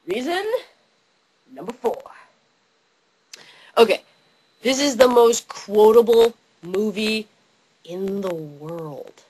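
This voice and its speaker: A young woman excitedly ranting about a favorite movie, yelling and acting out scenes in funny voices. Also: mid-range voice, takes it slowly, pauses often, husky, rough recording. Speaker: vlogger.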